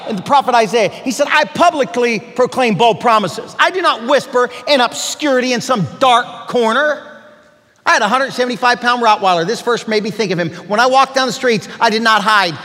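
A preacher with a very high, bright voice, preaching to a congregation. He drops soft and low, then climbs loud and emphatic. The sound carries a long hall reverb. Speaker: pastor. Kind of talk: sermon.

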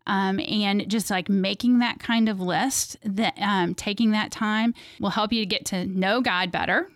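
A woman's voice: mid-range voice, steady tone, a little slow, no room sound. Woman guest, earnest and searching, plenty of ums, dry close sound. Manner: earnest, thinks aloud with many fillers. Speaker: interview guest. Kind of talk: casual faith conversation.

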